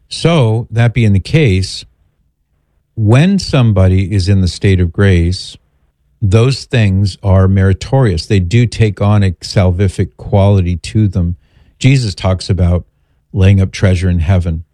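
A man hosting a call-in religious show, answering a caller in a measured, explanatory way and quoting scripture with slow, deliberate phrasing. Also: deep voice, dark tone, no room sound, clean studio sound. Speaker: host answering a caller's question.

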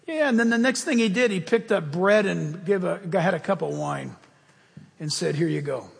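A man with a high voice preaches a sermon from the pulpit. He tells stories in an animated way, jumping from loud bursts to quiet asides. His voice carries with a long reverb through a large hall. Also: moderate pace, creaky. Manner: animated storytelling preacher, swings between loud and hushed. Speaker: pastor.

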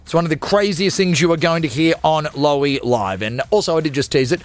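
A man hosting a live radio show, joking and teasing upcoming segments in a self-mocking, energetic way. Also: on the high side, brisk, faint music behind. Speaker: radio host.

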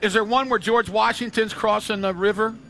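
An older man telling stories in casual chat, animated and acting out the voices of the people he quotes. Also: high voice, fairly quick.

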